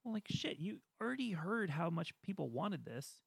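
A man co-hosting a casual podcast chat, ranting with animated energy and mocking studio executives in voiced asides. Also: high-pitched, normal speed, gravelly, slightly rough, no echo. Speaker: podcast co-host.

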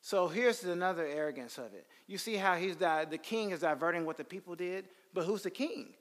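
A man teaching the Bible in a lively sermon style, telling stories and acting out quotes. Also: high-pitched, a little fast. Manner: animated storytelling, slips into character voices. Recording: long hall reverb.

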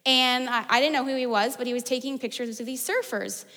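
A woman pastor preaches in a high, bright voice, chatty and loose, with lots of casual fillers. Her words ring out with a long reverb, as in a large church auditorium. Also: steady tone, a little fast. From United States. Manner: conversational, storytelling with fillers like "like". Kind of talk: sermon.

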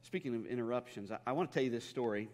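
Pastor preaching in a reverberant hall. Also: male voice, medium pitch, very fast, darkish tone. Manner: storytelling with humor, frequent repeated words. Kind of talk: sermon.

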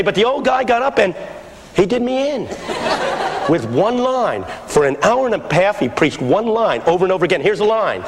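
A man from West Philadelphia telling a humorous sermon story, lively and building to shouts. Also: sits high, brisk. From West Philadelphia, USA. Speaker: preacher, guest speaker. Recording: archival talk in a reverberant hall with background noise.

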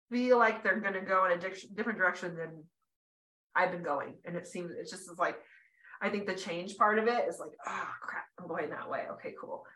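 A woman's voice: mid-range voice, pushed and bright, reverberant, low-quality recording. A woman hosting a podcast, chatting in a rambling, emotional way, teary and laughing as she talks. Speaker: podcast host. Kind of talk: casual chat.

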